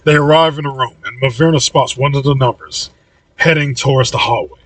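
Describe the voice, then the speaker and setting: A man reading his own audiobook in an even, low-key narration. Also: a little fast, no echo, distant mic, low-quality recording.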